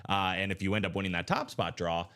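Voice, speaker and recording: A man's voice: deep voice, bright, forceful tone. Hyped man hosting a live break. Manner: rapid listing, hyped and chatty. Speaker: live sports card break host. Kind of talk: live-stream sales patter.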